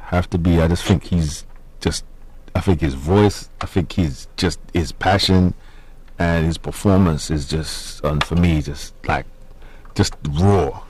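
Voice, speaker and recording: A man, a musician guest on a radio show, talking about his influences in a relaxed, hesitant way. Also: low voice, measured pace, a little hiss or hum. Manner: relaxed, hesitant, many fillers. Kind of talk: casual radio interview.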